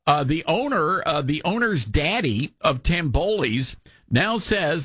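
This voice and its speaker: A man's voice: fairly high pitch, sing-song, measured pace, a bit bright, slightly rough, no room sound. A man hosting a talk radio show into a studio microphone, sarcastic, with mocking asides and put-on coughing fits.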